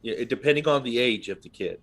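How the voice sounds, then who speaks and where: A man's voice: medium pitch, expressive, fast talker, fairly bright tone. Podcast host, man in his thirties: loose, rambling storyteller, middle-range voice. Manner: rambling storyteller, full of "you know what I mean". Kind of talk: casual conversation.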